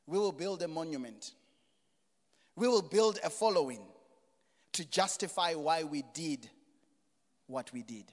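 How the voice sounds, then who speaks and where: Middle-aged man, pastor, animated sermon, high voice, long reverb of a hall. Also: measured pace, long pauses. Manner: animated preaching, swings from quiet to loud exclamations.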